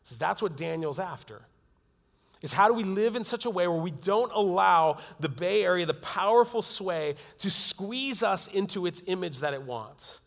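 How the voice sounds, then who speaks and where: Male pastor, slightly high voice, earnest sermon delivery, long hall reverb. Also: expressive, moderate pace, vocal fry. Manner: earnest, swings from loud to hushed.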